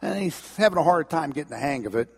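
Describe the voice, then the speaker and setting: A man's voice: a little high, animated, fast talker, vocal fry, breathy edge. A man preaching a sermon in a folksy, conversational way, in a long church reverb. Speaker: pastor. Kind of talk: sermon with storytelling.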